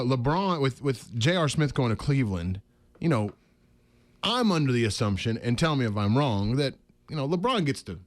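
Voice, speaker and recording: A man hosting sports radio with a mid-pitched voice that swings widely up and down. He pushes his guest for stories in a playful, joking way. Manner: playful, prodding questions. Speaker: radio host. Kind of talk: casual sports radio chat. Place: radio studio.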